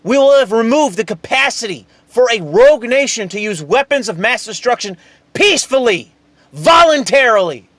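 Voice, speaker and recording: Man, high-pitched, furious profane rant, sarcastic, dry close sound. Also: big pitch swings, normal speed, fairly bright tone, dry recording. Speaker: political commentary host. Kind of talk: angry political rant.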